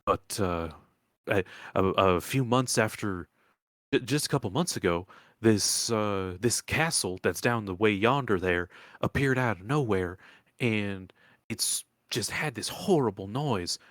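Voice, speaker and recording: A man's voice: lowish voice, measured pace, fairly bright tone, dry recording, clean studio sound. A man voicing a folksy older woman who runs a swamp bait shack, with a put-on Southern drawl and a rambling way of talking.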